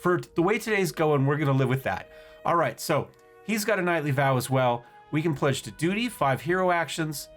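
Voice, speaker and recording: A man's voice: on the high side, animated, a little fast, soft background music. Man thinking aloud over a strategy game. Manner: thinks aloud, stumbles over and swaps syllables. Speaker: gaming channel host. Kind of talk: casual let's-play commentary.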